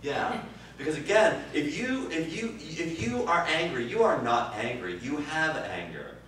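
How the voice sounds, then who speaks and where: A man teaching improv, answering interview questions in an animated way, swearing and swinging from quiet musing to loud bursts. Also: fairly high pitch, measured pace. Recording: distant roomy recording with faint noise.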